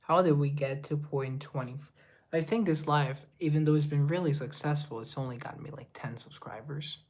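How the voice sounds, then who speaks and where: A man's voice: fairly high pitch, moderate pace, darkish tone. A young man from Colombia chatting casually on a live stream, reading viewer comments and rambling in a self-deprecating way. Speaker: livestreamer and musician.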